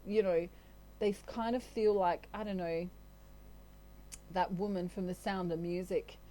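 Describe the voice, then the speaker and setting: A woman's voice: lowish voice, steady tone, unhurried, dark tone, slight background noise, low-quality recording. A woman with an Australian accent giving a casual, rambling tarot reading in a chatty, giggly way. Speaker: tarot reader.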